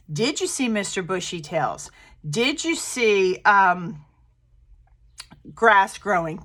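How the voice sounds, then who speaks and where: A woman teaching young children in a remote preschool lesson and reading a picture book aloud in a gentle teacher voice. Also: mid-range voice. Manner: slow, lively, sing-song teacher voice for little kids.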